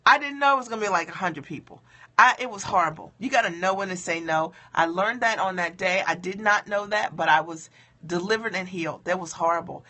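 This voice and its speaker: A woman speaker for mothers, telling a humorous personal story in an animated way, often checking in with her listeners and laughing at herself. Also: lowish voice, brisk. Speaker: motivational speaker for moms.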